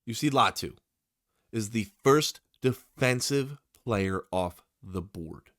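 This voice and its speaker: Late at night and clearly tired, a sports YouTuber with a fairly low, slow voice addresses his viewers head-on about football draft picks. His commentary is casual, opinionated and excitable, captured in a clean, dry studio recording.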